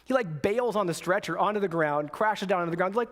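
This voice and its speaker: A man's voice: sits high, quick pace. A young man preaching a sermon as a pastor, telling a story in a casual way and acting out the voices of the people in it.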